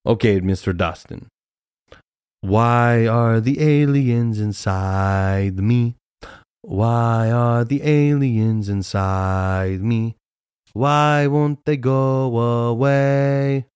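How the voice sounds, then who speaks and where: A man's voice: lowish voice, normal speed, darkish tone, no echo, clean studio sound, natural voice. A man doing an impression of an odd, earnest four-year-old boy who loves superheroes. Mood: slow singsong. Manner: earnest childish voice.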